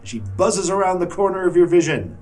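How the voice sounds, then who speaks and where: Game master, male, higher-pitched, very animated narration, faint music behind. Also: a little fast, distant mic.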